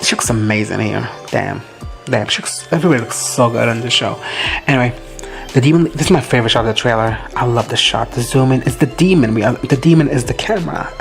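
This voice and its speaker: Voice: mid-range voice, quick pace, vocal fry. Recap host, casual reaction talk, profane, gushing, faint music behind. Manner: profane, gushing, quotes characters in playful asides.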